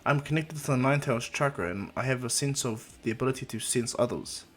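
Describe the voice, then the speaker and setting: A man voicing a brash, excitable young boy ninja who talks loud and goofy. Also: mid-range voice, fairly quick, breathy edge. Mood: excited.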